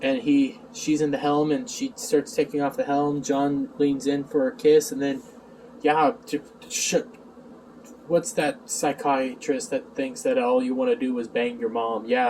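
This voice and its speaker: A man's voice: medium pitch, measured pace, vocal fry, a little mellow. A man reviewing a TV episode in a rambling, sarcastic casual recap, recorded on a distant mic with faint background noise.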